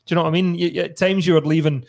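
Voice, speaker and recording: A man's voice: on the high side, steady tone, racing, vocal fry, darkish tone. A man with a Scottish accent hosting a football podcast in casual, laughing, sweary banter. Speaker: podcast host. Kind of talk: casual chat.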